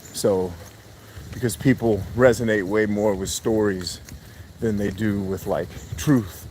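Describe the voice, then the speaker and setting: A man's voice: fairly low pitch, fairly even intonation, takes it slowly, darkish tone, a little hiss or hum. A man hosting a live stream, chatting casually with viewers in a blunt, joking way, swearing freely and laughing often. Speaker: podcast host doing a live stream.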